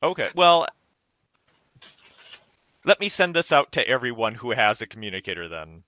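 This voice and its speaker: A man's voice: mid-range voice, very animated, normal speed, bright, forceful tone, no room sound, muffled recording. A man playing a tabletop game who thinks aloud and checks the rules as he goes. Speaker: player. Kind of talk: casual tabletop play.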